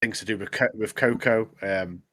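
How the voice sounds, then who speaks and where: A man co-hosting a podcast in casual chat, relaxed and joking, often trailing off mid-sentence. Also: on the low side, moderate pace. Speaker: podcast co-host.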